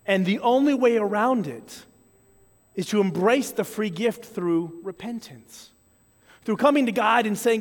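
A man preaching a sermon to a congregation, earnest and measured, acting out sample apologies and prayers as he goes. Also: high-pitched, lively intonation. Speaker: pastor. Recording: long hall reverb.

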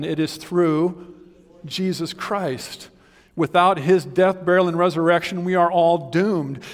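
A man preaching with real fervor, his voice sitting a little high as it rises into ringing appeals and then drops to a hushed, earnest plea. The sermon carries a long reverb from a church sanctuary. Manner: impassioned, swings from loud pleading to hushed earnest. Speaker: pastor.

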